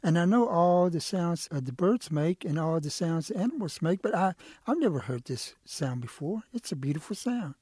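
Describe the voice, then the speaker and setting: A man's voice: fairly high pitch, expressive, moderate pace, hardly any pauses, a little mellow, husky, no room sound. A man voicing a male quail in a told story, a cunning trickster who is eager and pleading. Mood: amazed. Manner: coaxing, persuasive.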